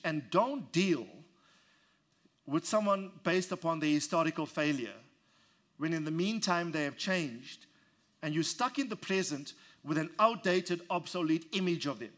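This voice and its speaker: Male pastor with a somewhat high voice, expounding scripture and leading call-and-response. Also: fairly bright tone. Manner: leads congregation in call-and-response repetition; reads scripture aloud and expounds it verse by verse. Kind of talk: sermon.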